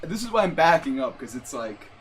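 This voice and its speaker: A man's voice: on the high side, very animated, fairly quick, slight background noise. A man from the Boston area chatting casually and jokingly on a livestream into a desk microphone. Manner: rambling and joking. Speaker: streamer.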